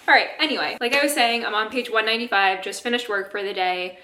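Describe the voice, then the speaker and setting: Breathless, bright-voiced young woman vlogger. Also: mid-range voice, fast talker, roomy sound. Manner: chatty, enthusiastic, rambling with many "like"s. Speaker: book vlogger. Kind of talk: casual reading vlog. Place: home.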